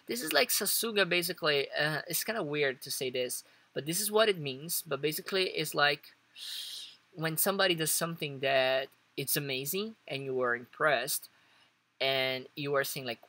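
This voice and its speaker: Young man, casual video lesson, gravelly, dry close sound. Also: medium pitch, moderate pace, no echo. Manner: relaxed, chatty, acts out reactions. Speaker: language teacher.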